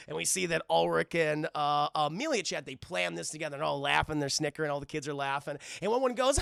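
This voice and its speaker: A man reviewing a cartoon episode live for his stream chat, acting out the characters' lines in quick voices and swearing freely. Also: on the high side, gravelly, a bit bright, no echo, clean studio sound. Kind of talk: animated live-stream recap.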